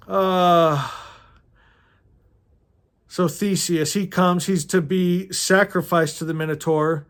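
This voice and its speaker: A middle-aged man with a somewhat high voice reads a story aloud at a slow pace. He talks casually between passages, gets emotional, laughs often and swears freely. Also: a bit bright. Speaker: host reading a novel aloud. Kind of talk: casual reading with personal commentary.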